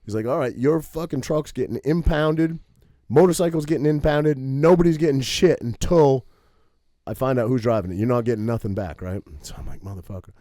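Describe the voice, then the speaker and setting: Speaking at a normal pace in a medium-pitched voice, a podcast co-host from Maine launches into a long, foul-mouthed, animated tale full of "right?" tags. There's no room sound, and the quality is studio-grade.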